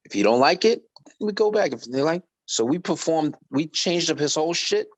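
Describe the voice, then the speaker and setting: Lively, high-voiced man telling stories. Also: moderate pace. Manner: lively anecdotes, acts out quoted voices. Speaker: guest musician. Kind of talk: animated storytelling interview.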